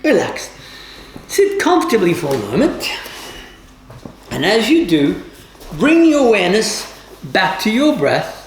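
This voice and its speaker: A woman yoga teacher leads a guided class with calm, measured instructions in formal, old-fashioned wording. Her pitch moves up and down in a lively way, and the recording carries a roomy echo with a faint hiss underneath. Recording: roomy, echoey room.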